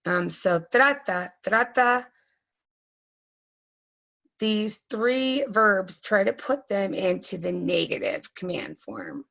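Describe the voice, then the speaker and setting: Slow, patient woman teaching Spanish. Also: medium pitch, expressive, creaky, fairly bright tone, poor audio. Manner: patient step-by-step explaining with frequent ums. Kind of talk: recorded grammar lesson.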